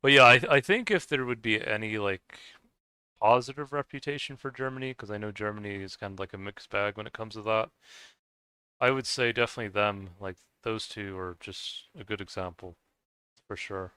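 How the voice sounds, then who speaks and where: A man's voice: lowish voice, moderate pace, sharp tone, clear, resonant tone, dry recording. A man streaming a game and chatting casually with viewers, rambling with many fillers and restarts and chuckling often. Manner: chuckles often between remarks. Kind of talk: casual chat while gaming.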